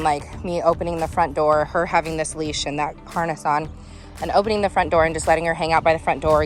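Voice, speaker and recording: A young woman dog trainer talking casually into her phone outdoors while walking, breaking into high sing-song praise for her dog. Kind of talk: casual vlog narration. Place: outdoors on a quiet street and bike path. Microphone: phone held in hand while walking.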